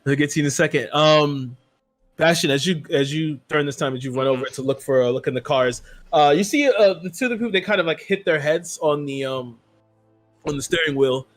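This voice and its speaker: A man's voice: on the high side, brisk, faint music behind. A man narrating as game master of a tabletop role-playing game, rambling and loose, with many "like" and "um" fillers.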